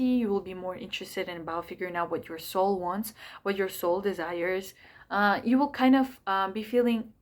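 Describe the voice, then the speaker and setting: Chatty woman astrologer, rambling. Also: mid-range voice. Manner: chatty, rambling, many fillers and asides. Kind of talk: casual forecast talk to camera.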